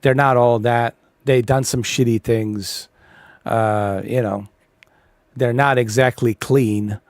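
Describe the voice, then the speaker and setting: A man's voice: mid-range voice, darkish tone, no echo. A man hosting a gaming video, ranting casually in a blunt, profane, rambling way with many fillers. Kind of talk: casual rant over gameplay.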